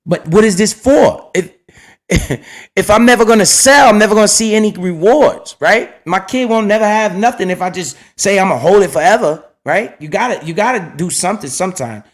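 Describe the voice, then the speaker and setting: A middle-aged man hosting a casual livestream, talking in loose slang and often dropping low and quiet. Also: lively intonation, moderate pace. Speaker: livestream host talking investing.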